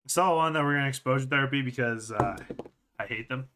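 A young man hosting a joking comedic commentary video, playful and jokey, often jumping into high squealing exclamations. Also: fairly quick, sharp tone. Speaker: streamer and video host.

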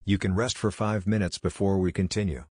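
A man's voice: low-pitched, steady tone, a little fast, darkish tone, husky, no echo, clean studio sound. A man reading the lines of a tired, stern adult ninja teacher in a story.

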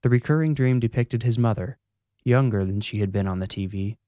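A man narrating a horror story in a calm, measured way. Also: medium pitch, no echo, studio quality. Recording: music playing behind.

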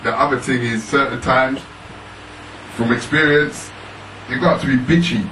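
A man's voice: mid-range voice, fairly even intonation, moderate pace, fairly bright tone. A man in casual discussion who keeps laughing as he talks. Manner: laughs often while talking. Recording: roomy, distant mic, faint noise.

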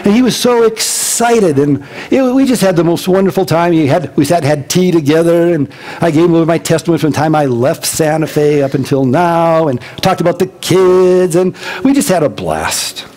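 A pastor giving a casual, chatty sermon, telling personal stories in an animated way and laughing along the way. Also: male voice, on the high side, normal speed, low-quality recording.

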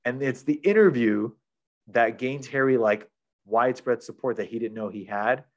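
A man's voice: mid-range voice, normal speed. A man retelling a book plot in casual chat as a podcast reviewer, rambling with lots of fillers.

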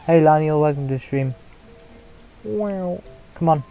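A young man chatting casually while streaming a game, mocking his own play, reacting out loud and laughing often. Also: fairly high pitch, a little slow, gravelly, soft background music, poor audio. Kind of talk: casual live gameplay commentary.

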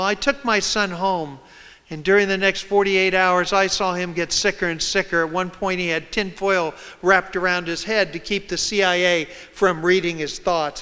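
A man's voice: high voice, fairly even intonation, normal speed, bright, forceful tone, clean tone. A man giving a public talk, telling a personal story and acting out the voices of the people in it. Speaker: speaker. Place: large hall with audience. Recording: long hall reverb.

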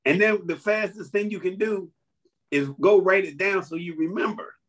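A man's voice: sits high, moderate pace. A man who is a comedian, talking casually and animatedly as a podcast guest, breaking down how his jokes work and laughing through his stories. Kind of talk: casual chat explaining jokes.

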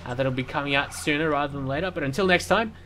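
A man's voice: on the high side, quick pace, pushed and bright, soft background music. A man giving casual, rambling commentary while playing a city-building game, with lots of fillers and restarts. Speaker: let's play commentator.

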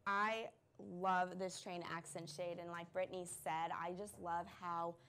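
A woman with a slightly low voice hosts a live shopping stream. She talks casually and gushes, filling her sentences with "um" and "like.". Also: little pitch movement, measured pace, a bit bright, a little hiss or hum. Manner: chatty, gushing, lots of "um" and "like". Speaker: live-stream product host. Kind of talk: casual live product demo.

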